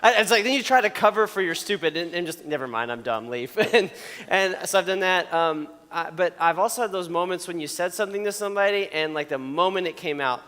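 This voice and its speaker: High-voiced young man preaching to teens. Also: fairly bright tone, clean tone. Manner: storytelling, joking, often checks in with "okay?". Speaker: youth pastor. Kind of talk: casual youth sermon. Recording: long hall reverb.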